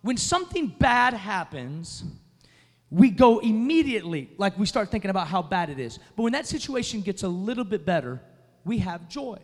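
A man with a high voice preaches to a congregation. He moves from a rambling story to loud, emphatic preaching. His voice rings out in a church hall with a long reverb. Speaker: pastor. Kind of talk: sermon. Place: church sanctuary.

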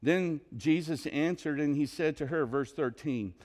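A pastor preaching a sermon, telling a story in an animated, conversational way. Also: male voice, on the high side, measured pace.

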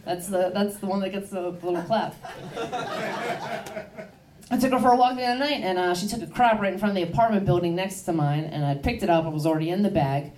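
A woman from Baltimore doing a loose, conversational stand-up set with deadpan punchlines. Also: fairly low pitch, quick pace, slight background noise. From Baltimore, USA. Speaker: stand-up comedian. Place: comedy club stage. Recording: roomy club sound from a distance.

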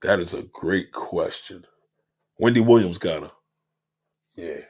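A man hosting a livestream, reading chat comments aloud and mocking them in a loud, profane rant. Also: deep voice, a little slow. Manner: loud, animated, heckling and mocking. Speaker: livestream host.

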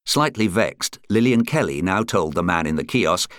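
A man narrating a true-crime audiobook in a measured, atmospheric reading style. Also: low-pitched, expressive, a bit bright, no room sound, studio quality.

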